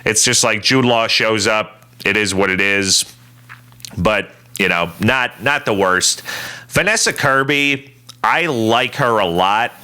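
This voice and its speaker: A man co-hosting a podcast, giving a measured, opinionated movie critique in casual chat. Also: fairly low pitch, bright, forceful tone, clear, resonant tone. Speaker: podcast co-host.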